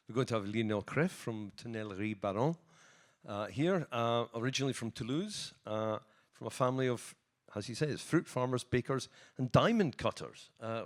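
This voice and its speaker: A man moderating a conference session and introducing the next speaker, hesitant with frequent filler sounds. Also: on the low side. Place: conference hall.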